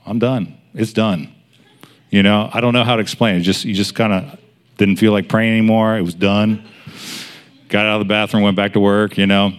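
Man, 30s, preacher, sermon, casual storytelling, slightly low voice. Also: level tone, fairly quick, smooth. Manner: casual storytelling, many fillers.

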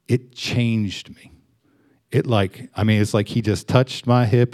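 A man's voice: mid-range voice, fairly even intonation, a little slow, darkish tone. A young adult man giving a sermon in a loose, conversational way, full of fillers and restarts. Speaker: pastor.

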